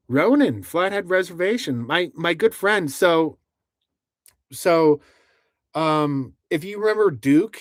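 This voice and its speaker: A man's voice: mid-range voice, dry recording. Host, male, casual livestream talk, rambling and chatty, dry close sound. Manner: rambling, many restarts, laughs between lines. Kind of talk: casual livestream chat, reading out viewer comments. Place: inside a truck camper.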